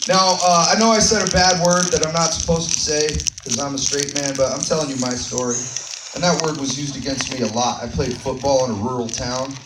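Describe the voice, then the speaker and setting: A man with a Texan accent doing a stand-up comedy set, telling stories deadpan with sudden shouted bits. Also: mid-range voice, brisk. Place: comedy club stage. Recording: roomy club sound from far off, audience noise.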